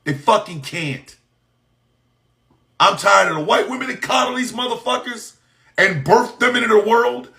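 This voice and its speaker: A man delivering an impassioned, profane monologue, shouting in bursts and firing off mocking rhetorical questions. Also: extremely high pitch, moderate pace, creaky, long pauses.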